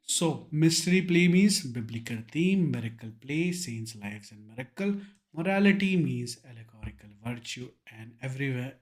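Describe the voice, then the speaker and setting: A young man with an Indian English accent teaching an online exam revision lecture, drilling key terms with emphasis and mixing in Hindi words. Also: medium pitch.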